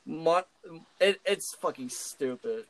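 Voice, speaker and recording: A man's voice: a little high, takes it slowly, poor audio. Laughing, profane man in casual chat. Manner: profane, laughing, animated storytelling. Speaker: co-host.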